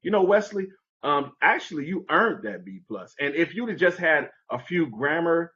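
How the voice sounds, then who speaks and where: A man voicing a patient middle-aged woman English teacher, speaking gently and coaxing in a lightly raised voice. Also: a little high, big pitch swings, moderate pace, highs cut off, voice pushed up. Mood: encouraging.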